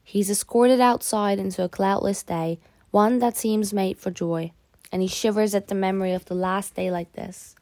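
A woman reads a novel aloud in a steady, grave voice with a gravelly texture. The recording is close and dry, with no room sound. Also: mid-range voice, moderate pace, no echo. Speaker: audiobook narrator. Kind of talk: scripted narration.

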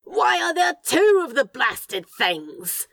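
A woman reading aloud and voicing a dramatic, paranoid male demon who yells indignantly. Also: mid-range voice, expressive, a little slow, no room sound. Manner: theatrical, indignant yelling.

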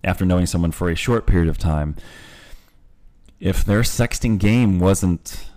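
A man's voice: low voice, a little slow, warm tone. A man co-hosting a podcast, speaking candidly and thoughtfully in long winding sentences. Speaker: podcast co-host. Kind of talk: casual podcast chat.

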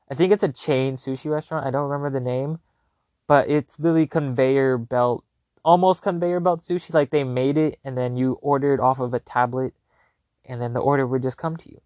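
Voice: medium pitch, darkish tone, dry recording. Rambling, chatty vlogger with a dry sound. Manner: chatty, filler-heavy with constant "like", casual swearing; loose, self-correcting. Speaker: vlogger recounting a trip. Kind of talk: casual rambling storytelling.

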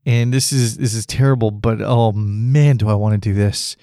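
A man's voice: fairly low pitch, steady tone, moderate pace, warm tone, no room sound, studio quality. A man hosting a solo podcast, rambling casually and laughing at his own jokes. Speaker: podcast host.

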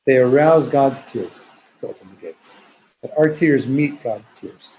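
A man leading a text study class. He translates Hebrew and Aramaic phrases line by line and slows down to quote verses. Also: mid-range voice, animated, dark tone, low-quality recording. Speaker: teacher.

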